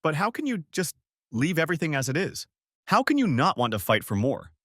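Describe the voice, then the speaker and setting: A man's voice: fairly high pitch, very animated, fairly quick, fairly bright tone, dry recording, voice pushed up. A man voicing a distraught wife who pleads with her husband, lifting his voice a little for her, in a dry close recording. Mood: pleading. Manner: pleading, hurt.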